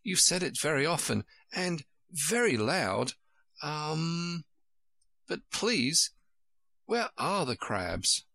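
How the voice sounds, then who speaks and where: A man's voice: a little high, sing-song, takes it slowly, creaky, sharp tone, no room sound, voice pushed up, exaggerated voice. A man voicing a polite, curious little girl who pleads eagerly and keeps asking questions.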